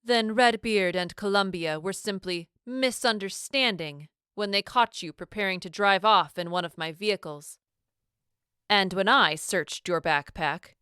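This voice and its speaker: A woman's voice: medium pitch, bright, forceful tone, clear, resonant tone, no echo, clean studio sound. Woman voicing a sickly sweet, menacing leader. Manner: falsely sweet, hissing.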